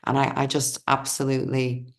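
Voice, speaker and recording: A woman's voice: a bass voice, completely flat delivery, brisk. A woman card reader chatting casually, telling rambling, digressive stories with effusive enthusiasm and losing her thread at times.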